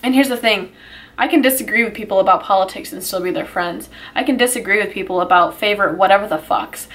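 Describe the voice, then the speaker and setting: Woman, emotional vlog monologue, upset, curses, rambling, mid pitch. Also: fast, a bit bright. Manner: upset, swearing, rambling with sighs and restarts. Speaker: YouTuber.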